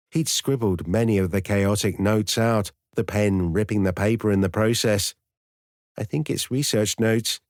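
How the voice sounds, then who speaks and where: A man reading a dark romance audiobook as narrator, with a measured, even storytelling delivery on a close studio mic. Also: fairly low pitch, dry recording.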